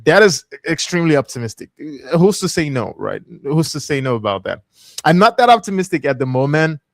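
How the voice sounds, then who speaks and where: A man's voice: fairly high pitch, very animated, fairly quick, vocal fry, dry recording. A man hosting a casual livestream and talking over market charts, chatty, laughing easily and reading viewer comments aloud. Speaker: livestream host.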